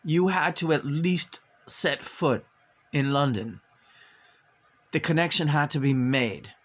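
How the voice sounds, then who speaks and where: A man's voice: a little high, takes it slowly, fairly bright tone. A man chatting casually and playfully while doing a tarot reading, with a hesitant, rambling manner and bits of meowing sing-song. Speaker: tarot reader.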